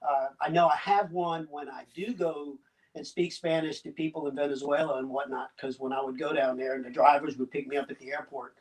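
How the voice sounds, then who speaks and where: A Cuban-born man in his sixties with a slight Southern US accent, telling his story as a guest in a casual interview, halting and chuckling as he goes. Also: on the high side. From Cuba. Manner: halting, chuckling, many restarts. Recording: distant mic.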